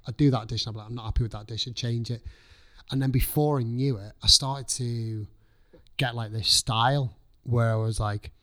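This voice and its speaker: Chef guy chatting away, swears a lot, acts out his own thoughts, normal mid voice. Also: medium pitch. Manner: swears freely, lively storytelling, acts out own past thoughts. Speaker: chef guest. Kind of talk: casual podcast chat.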